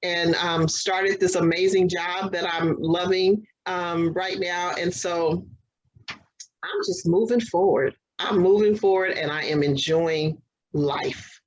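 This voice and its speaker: A woman's voice: lowish voice, fairly even intonation, slow pace, muffled recording, a crowd in the background. A woman guest in an interview, telling her personal story earnestly in casual conversation. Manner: earnest storytelling, acts out quoted exchanges.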